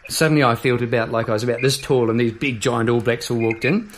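A man's voice: mid-range voice, fairly even intonation, fast talker, a little hiss or hum. A jovial, chatty man hosting a casual video chat, laughing easily. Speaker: host. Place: Melbourne.

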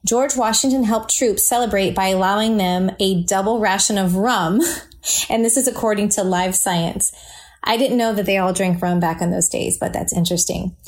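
A young adult woman hosting her own podcast, chatting casually and cheerfully as she shares fun facts. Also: mid-range voice. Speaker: podcast host. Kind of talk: casual solo podcast chat.

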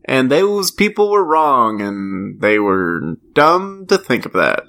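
A man's voice: mid-range voice, very animated, takes it slowly, vocal fry, bright, forceful tone. A man co-hosting a casual podcast, joking around, repeating himself and laughing often. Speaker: podcast co-host.

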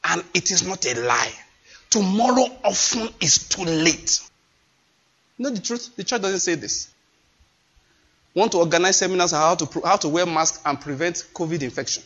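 A man preaches with fervor, his voice high and swinging widely in pitch. He leans on his points and repeats phrases for emphasis, with a husky edge. The recording is dull and lo-fi. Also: animated, normal speed, pauses often, a bit bright. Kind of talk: sermon.

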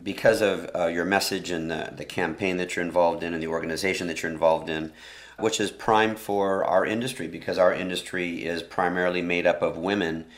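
Male host, deep-pitched, direct interviewer. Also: fairly even intonation, brisk. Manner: plain, direct questions. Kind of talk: interview questions.

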